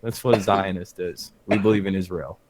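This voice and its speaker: A man in casual banter on a podcast, opinionated and rambling, with halting restarts. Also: deep voice, fairly even intonation, slight background noise.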